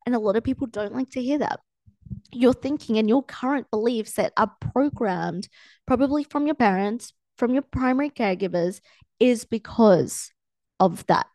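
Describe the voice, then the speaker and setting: A woman's voice: a little high, mellow, no echo. A young adult woman hosting her own coaching podcast, talking casually with lots of fillers and acting out quoted thoughts. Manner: chatty, filler-heavy, acts out quoted thoughts. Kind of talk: casual solo podcast talk.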